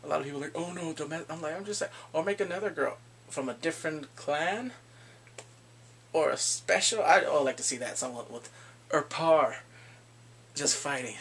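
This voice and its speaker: A man casually recapping a TV drama, animated and laughing often as he acts out lines. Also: on the high side, normal speed, creaky, long pauses, breathy edge. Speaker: drama review vlogger.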